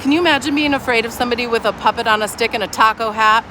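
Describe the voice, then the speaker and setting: Woman streaming from her phone on a noisy street, kinda high voice, sarcastic and chatty, cars going by. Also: racing. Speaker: livestreamer at a street protest. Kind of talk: casual livestream chat. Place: outdoors on a city street. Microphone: phone held while streaming. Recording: outdoor street noise with passing traffic.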